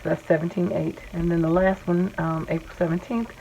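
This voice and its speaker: Woman journaling vlogger, low and gravelly, casual show-and-tell, dull home recording. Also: level tone, a little fast, warm tone, a little hiss or hum. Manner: reads verses aloud, then explains her doodles.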